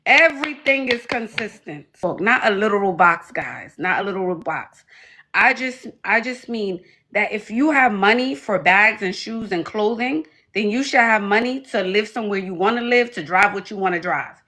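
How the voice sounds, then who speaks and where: Woman, livestream advice host, sassy, emphatic, bright forceful voice. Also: mid-range voice, lively intonation, normal speed. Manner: sassy, emphatic, calls listeners honey and babe. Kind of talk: casual advice commentary.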